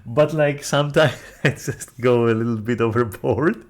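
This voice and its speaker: A man streaming a casual review, ranting loudly with heavy swearing, then dropping into quieter apologetic talk. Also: medium pitch, moderate pace. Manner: loud, profane, exasperated ranting that drops into quieter, apologetic talk.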